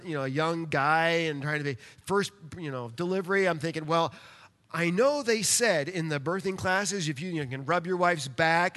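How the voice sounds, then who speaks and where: A man preaching a sermon, telling a personal story in an animated way and speaking directly to his congregation. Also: a little high. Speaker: pastor. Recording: long hall reverb.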